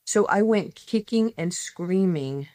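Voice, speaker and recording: A woman's voice: on the low side, expressive, dark tone, no room sound, studio quality. Emphatic woman in her sixties telling stories. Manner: emphatic, quick bursts, acts out dialogue. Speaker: guest. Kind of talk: animated personal storytelling.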